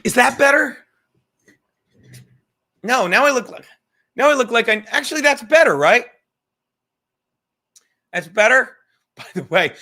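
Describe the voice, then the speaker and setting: A man in his thirties rants on his own podcast from his couch at home, rambling, cursing and getting worked up. His voice sits high for a man, with a bright, sharp edge. It sounds like a home camera setup. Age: 30s. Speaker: podcast host. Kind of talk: profane livestream rant.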